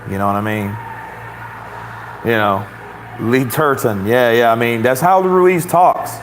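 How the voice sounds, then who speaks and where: A man talking boxing in a loose, rambling way, swearing freely and breaking into laughter often. His voice sits at an ordinary mid pitch. A faint hiss runs under the recording. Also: a little slow. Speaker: boxing commentator. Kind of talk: casual commentary.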